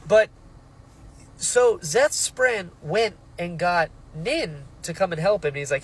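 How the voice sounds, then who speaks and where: A man in a casual book reaction vlog, with a fairly high voice that swoops up and down. He reacts to each turn with big emotional outbursts and swears freely as he talks. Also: very animated, takes it slowly, slightly rough, low-quality recording. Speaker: book reviewer.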